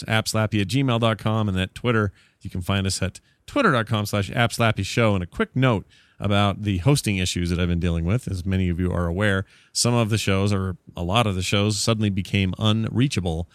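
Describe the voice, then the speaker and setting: A male podcast host who chats casually in a lowish voice and jokes a lot as he rambles through sponsor reads and listener notes. The dry, close mic gives a tight sound with no room. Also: a little fast, smooth, no room sound. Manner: jokey, rambling, corrects himself.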